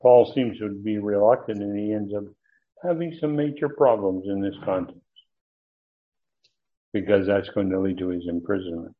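A man with a fairly low voice leads a verse-by-verse Bible study, pausing often on fillers and restarting his sentences. The sound is thin and tinny, as over a phone line. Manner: halting, frequent fillers and restarts. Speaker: Bible teacher.

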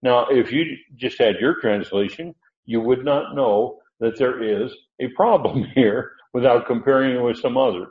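A man's voice: medium pitch, normal speed. A man giving informal Bible teaching, rambling and correcting himself as he thinks aloud. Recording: echoey, dull lo-fi room recording.

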